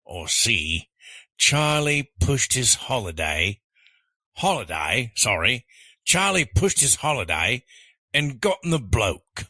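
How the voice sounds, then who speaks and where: A man's voice: medium pitch, very animated, very slow, long pauses, sharp tone, no room sound, heavily acted. A man reading quiz answers in a playful, exaggerated mock Australian voice, laughing between the options.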